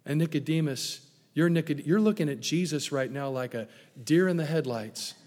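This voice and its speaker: A man preaching a sermon as pastor, playful and animated, dropping to hushed tones for emphasis. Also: on the high side, moderate pace. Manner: animated, playful asides with sudden hushed drops. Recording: long echo of a large hall.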